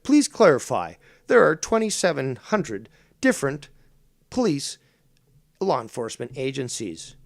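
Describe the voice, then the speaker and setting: A man's voice: mid-range voice, big pitch swings, a little slow, vocal fry, no echo, clean studio sound. A man voicing a curt, pedantic police dispatcher in a sarcastic, mock-official tone.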